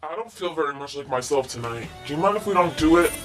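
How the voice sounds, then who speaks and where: A man's voice: a little high, expressive, quick pace, over music, natural voice. A young man playing a nervous, awkward teenage boy. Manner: hesitant and overly polite. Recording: echoey room, distant mic, faint background ambience.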